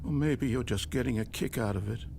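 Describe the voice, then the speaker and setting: A man's voice: medium pitch, a little fast, creaky, very noisy, natural voice. A man voicing an older male video game narrator who pleads with the player and then turns resigned and bitter.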